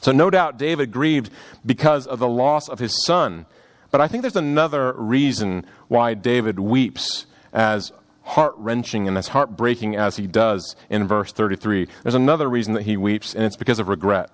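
A mid-range male voice delivers a sermon on scripture with earnest expression. Points of emphasis rise in volume, while other phrases turn hushed and slow.

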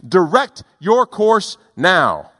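A man voicing a commanding male navy captain who barks insistent orders in a raised, higher voice. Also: huge pitch swings, very slow, pushed and bright, husky, in a large hall, full character voice.

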